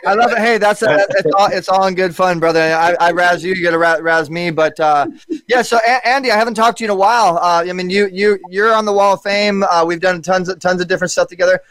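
A man hosting a podcast in casual chat, energetic and hurried, often stumbling over his words. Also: high voice, no room sound. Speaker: podcast host.

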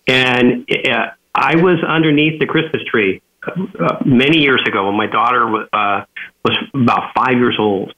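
A man's voice: medium pitch, measured pace. Man telling stories over a tinny phone line. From California. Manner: animated storyteller who acts out quoted dialogue. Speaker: guest author. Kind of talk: radio interview storytelling.

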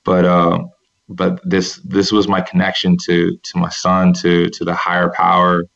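A man's voice: low-pitched, completely flat delivery, unhurried, vocal fry, a bit bright. A man who played basketball professionally overseas, telling a personal story in an earnest, rambling way with many restarts, seated at a table. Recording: dull, muffled recording.

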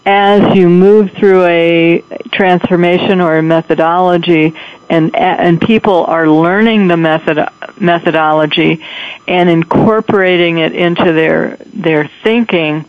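A woman appearing as a guest on a radio talk show, explaining a work method in a measured way with some fillers. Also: fairly low pitch, steady tone, dry recording, muffled recording. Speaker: guest consultant.

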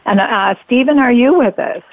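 A woman's voice: fairly high pitch, normal speed, dry recording. A woman hosting a radio talk show, chatting loosely with hesitant fillers and laughs. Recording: dull lo-fi radio sound.

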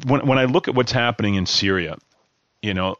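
A man's voice: fairly low pitch, brisk, fairly bright tone, dry recording. A male radio host, talking casually in a rambling, chatty way with many restarts. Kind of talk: casual talk radio monologue. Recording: dull, lo-fi dry studio mic.

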